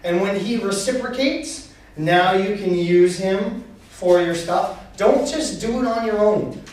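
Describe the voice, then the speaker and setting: A man's voice: sits high, a little slow, a little mellow. A man leading a dance class recap, explaining technique and chanting beats to show the rhythm. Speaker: dance instructor. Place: dance studio. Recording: very echoey room, mic far off.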